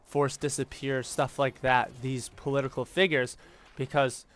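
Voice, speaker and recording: A man's voice: medium pitch, level tone, unhurried, fairly bright tone, clean tone. A man from the United States rambling through casual, profane history commentary over gameplay, with lots of fillers. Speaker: gaming YouTuber.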